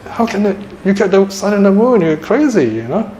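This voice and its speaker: A man's voice: fairly high pitch, lively intonation, normal speed, roomy sound, noisy background, pitched above the performer's own voice, lightly acted. A man voicing a stingy, grieving Brahmin father who pleads in a raised voice. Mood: incredulous.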